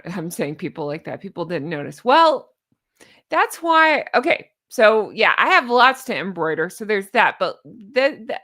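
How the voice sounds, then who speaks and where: A woman in her forties talks straight to her viewers in a chatty, sarcastic way. She keeps doubling back and tossing in asides. Her voice sits in a middle pitch for a woman. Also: fairly bright tone. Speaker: royal commentary channel host. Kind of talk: casual chat commentary.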